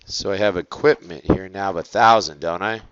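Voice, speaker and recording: A man teaching an accounting lecture, asking the class quick rhetorical questions and stretching out key words. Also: low voice, fairly bright tone, clear, resonant tone, lo-fi sound.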